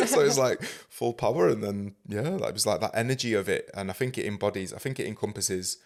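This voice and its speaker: A man's voice: fairly low pitch, animated, fast talker, hardly any pauses. A man with a Manchester accent hosting a podcast in casual chat. He swears freely and laughs easily. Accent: Mancunian. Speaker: podcast host.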